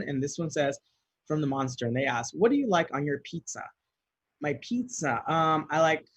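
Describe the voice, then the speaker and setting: A man's voice: fairly high pitch, husky, no room sound. A man answering fan questions in a casual video, chatty and giggly, reading each question aloud and then rambling through his answer.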